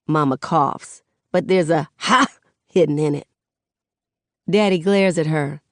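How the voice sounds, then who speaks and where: Low, unhurried woman narrating an audiobook. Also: no room sound, studio quality. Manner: relaxed, conversational storytelling. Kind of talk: first-person audiobook narration.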